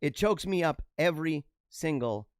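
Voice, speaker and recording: High animated guy on a livestream, reading comments off a radio-style mic, dry close sound. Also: moderate pace, dry recording. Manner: animated, talks with feeling, drops pitch low for asides. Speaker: livestream show host. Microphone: radio-style studio mic.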